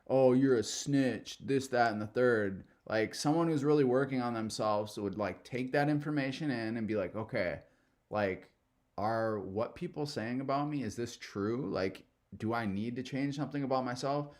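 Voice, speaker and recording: A young adult man hosting a reaction video, talking in a loose, rambling, profane way. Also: medium pitch. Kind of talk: casual commentary.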